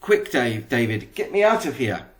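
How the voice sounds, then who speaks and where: A man's voice: medium pitch, sing-song, moderate pace, natural voice. A man voicing a frightened girl who has fallen into a grave, speaking in a flustered, stammering way.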